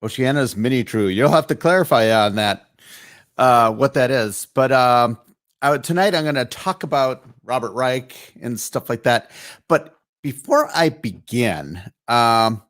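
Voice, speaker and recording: A man's voice: mid-range voice, expressive, unhurried, a bit bright. A man hosting a live online show, talking casually with lots of fillers and restarts. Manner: rambling, chatty, with many fillers and restarts. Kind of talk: casual live-stream commentary.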